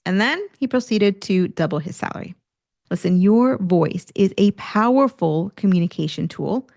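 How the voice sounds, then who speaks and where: An energetic woman hosts a career-coaching podcast in a clear, mid-pitched voice. She talks straight to the listener and acts out examples of tone as she teaches. The mic sits close in a dry room. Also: normal speed, no echo. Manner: energetic, demonstrates tone shifts, occasional laughs.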